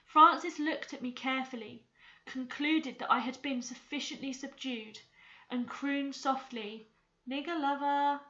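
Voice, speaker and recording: Bright high-voiced woman reading a novel. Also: a little slow, lo-fi sound. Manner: clear, expressive storytelling. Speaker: English teacher.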